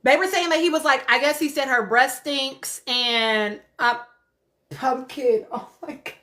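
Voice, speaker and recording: A woman's voice: high voice, a little slow, bright, forceful tone. A woman hosting a casual livestream, laughing often and talking straight to her viewers. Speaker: livestream host. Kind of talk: casual live-stream chat reacting to comments.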